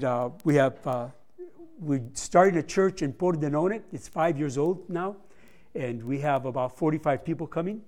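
A man's voice: fairly high pitch, a little mellow. A man giving a conversational missions report to a church congregation, telling stories with humorous asides.

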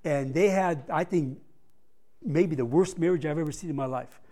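A man's voice: on the high side, normal speed, mellow. A man giving a conversational missions report to a church congregation, telling stories with humorous asides.

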